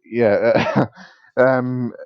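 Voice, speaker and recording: A man co-hosting a casual football podcast, talking in a relaxed, hesitant way with many pauses. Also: medium pitch, smooth, no room sound. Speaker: podcast co-host. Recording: dull dry lo-fi sound.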